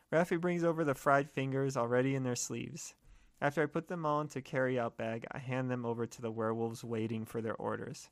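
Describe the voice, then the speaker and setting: A man narrating a scripted first-person horror story in a steady, measured way. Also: medium pitch.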